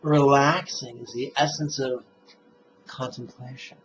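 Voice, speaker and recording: Slow, deliberate man teaching meditation. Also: medium pitch, fairly even intonation, fairly bright tone. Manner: slow, deliberate, emphatic phrasing. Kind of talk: guided meditation instruction. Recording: dull lo-fi recording with faint noise.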